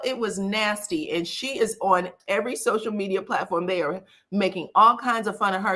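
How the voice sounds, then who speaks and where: A woman's voice: mid-range voice, bright, forceful tone. A woman hosting a casual live gossip stream, chatting to viewers and reading their comments aloud. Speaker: celebrity gossip host.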